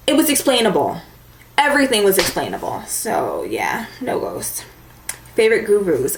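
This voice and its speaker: A woman's voice: on the high side, very animated, fairly quick, slight background noise. A young woman chatting casually to camera as a beauty vlogger, with a valley-girl lilt and lots of "like". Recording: echoey room with faint ambience.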